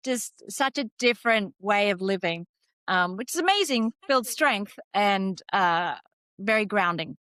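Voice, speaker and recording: A woman's voice: medium pitch, animated, measured pace, clean tone, dry recording. A woman from Australia with an Australian accent, a life coach guest chatting and laughing easily. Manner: warm and laughing. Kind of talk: casual interview chat.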